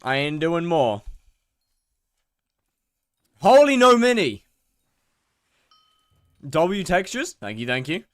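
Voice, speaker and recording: A man's voice: mid-range voice, a bit bright, clear, resonant tone, no room sound. A young British man chatting casually on a live stream while gaming, rambling and mocking himself as he reads out chat.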